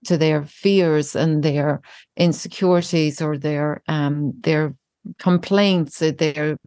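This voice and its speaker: Low-voiced woman speaking thoughtfully on parenting. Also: fairly even intonation, takes it slowly, dry recording, clean studio sound. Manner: thoughtful, frequent restarts, gentle examples. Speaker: parenting educator guest. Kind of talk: reflective podcast conversation.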